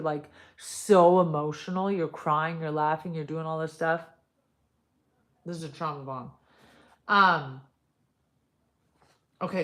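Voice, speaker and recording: A woman's voice: low voice, a bit bright. A woman reading a family story aloud in a casual storytime, breaking off into chatty asides.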